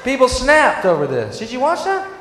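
A man rants through a stand-up bit with a high voice that swings widely and bursts into mock shouting. The sound carries the long echo of a big hall, with some faint noise underneath. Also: wildly swooping pitch, normal speed. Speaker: stand-up comedian. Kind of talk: stand-up rant.

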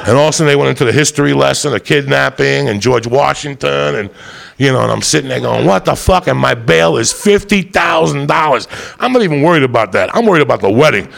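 A man's voice: medium pitch, expressive, quick pace, gravelly, a bit bright. A man telling a long story in casual chat, rowdy and profane, full of asides to the listener. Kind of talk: casual chat, crime anecdote.

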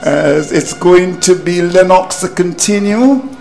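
A man's voice: high voice, slow, vocal fry, a little mellow, faint music behind, rough recording. A man commentating cricket on radio, exasperated at his team's collapse and repeating phrases for emphasis.

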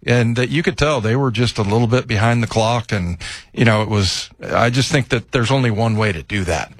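A man's voice: mid-range voice, brisk, breathy edge, no echo. Rambling man talking football on air. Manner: rambling, many fillers and restarts. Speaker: sports radio co-host. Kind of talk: casual sports talk.

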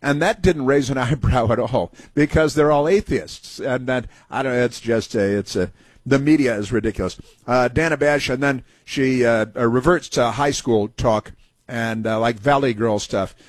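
A husky-voiced man hosts a talk show, riffing through a sarcastic and indignant monologue. His voice sounds dry and close, with no room around it, and he keeps scoffing at what he describes. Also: mid-range voice, normal speed, no room sound. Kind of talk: opinionated talk radio monologue.

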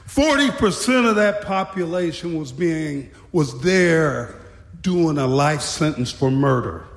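A man's voice: on the high side, expressive, slow pace. A man telling a wry, dramatic story about his time as a prison guard. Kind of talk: storytelling talk. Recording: echoey hall.

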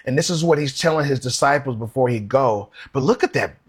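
Husky-voiced man preaching a sermon. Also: medium pitch, lively intonation. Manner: earnest, conversational preaching with rhetorical questions; slows down to read scripture aloud. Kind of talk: sermon with scripture readings.

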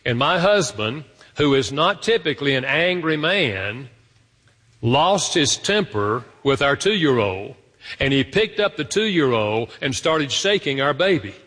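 A man preaching a sermon as pastor, animated, swinging between loud stressed lines and slow soft asides. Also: a little high, in a large hall.

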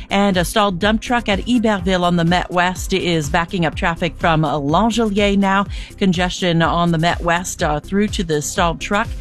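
A woman reads the radio traffic report, briskly listing roads in a steady rhythm. Faint music sits beneath her voice. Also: on the low side. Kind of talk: scripted traffic report and ad read.

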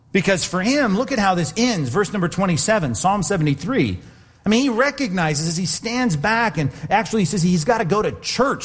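A male pastor preaching a sermon, emphatic and repeating words as he builds his points. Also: high voice.

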